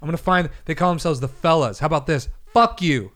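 A man's voice: on the high side, fast talker, a bit bright. A man co-hosting a casual comedy podcast, ranting in mock anger and swearing freely. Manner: profane, mock-angry ranting. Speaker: podcast co-host.

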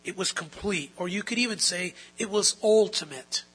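A man's voice: high voice, moderate pace, fairly bright tone, slightly rough, rough recording. A man preaching a sermon as pastor, emphatic and repeating key phrases for stress.

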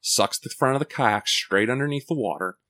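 A man's voice: mid-range voice, a little fast. A man with a mid-range voice spins a long, rambling story in a loose, conversational way. He swears freely, laughs through his own lines, and keeps checking in with "right?" and "you know". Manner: animated, full of fillers like "like" and "right?". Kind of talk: casual storytelling on a podcast.

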